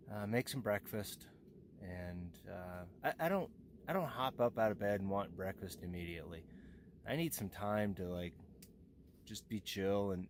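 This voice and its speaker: Male camping vlogger, low voice, sleepy, halting and rambling, faint outdoor ambience. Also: a little hiss or hum, rough recording. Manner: rambling, halting, many fillers. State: groggy just after waking. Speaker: motocamping vlogger. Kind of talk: casual camp vlog. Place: inside a hot tent with a wood stove.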